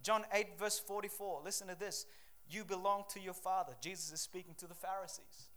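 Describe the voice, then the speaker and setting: A man preaching an energetic sermon, reading Bible verses and calling out to the congregation for a response. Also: high voice, a little fast.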